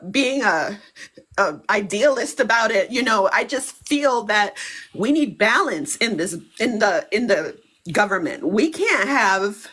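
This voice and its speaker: Woman, caller on a live stream: emotional and pleading, a little higher than average, husky tone. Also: a bit bright. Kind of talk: casual live stream chat.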